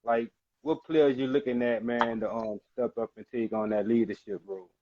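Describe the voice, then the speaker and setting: A man's voice: mid-range voice, steady tone, moderate pace. Laid-back man on dull call audio. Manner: laid-back, asking questions. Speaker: co-host. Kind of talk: casual online show chat.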